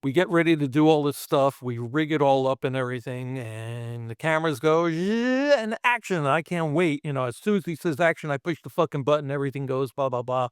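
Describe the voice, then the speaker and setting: A middle-aged man from Brooklyn with a Brooklyn accent, a special effects artist telling stories as a podcast guest in a profane, animated way and acting out sound effects. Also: mid-range voice, fairly quick, hardly any pauses, clear, resonant tone, no echo, studio quality. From Brooklyn, New York. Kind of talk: casual storytelling.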